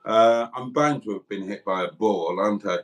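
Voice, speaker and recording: A man's voice: fairly low pitch, normal speed. Rambling man hosting a livestream. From South Wales. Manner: rambling, self-deprecating, chatty. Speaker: livestream host. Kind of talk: casual livestream chat reading comments.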